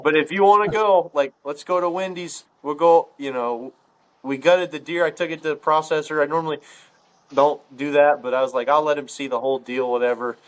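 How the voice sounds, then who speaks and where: A podcast guest from Ohio with a somewhat higher voice spins a long, rambling hunting yarn in casual chat, loose, profane and full of filler words. His intonation is fairly even and his pace brisk, though he jumps his pitch up whenever he acts out what someone said.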